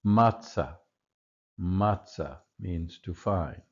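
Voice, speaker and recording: A man teaching a recorded Hebrew vocabulary lesson, patiently repeating each word slowly. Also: sits low, a little mellow, muffled recording.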